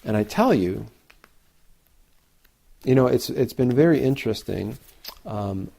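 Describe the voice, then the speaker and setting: Gravelly, mellow-voiced male Zen teacher. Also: mid-range voice, animated, measured pace. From Canada. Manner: reflective, repeats phrases, chants sample lines aloud. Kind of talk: dharma talk.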